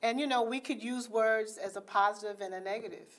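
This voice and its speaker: A woman's voice: a little high, fairly even intonation, brisk, fairly bright tone. Chatty woman hosting a talk show. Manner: rambling, many fillers of "you know". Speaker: host. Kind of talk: interview hosting.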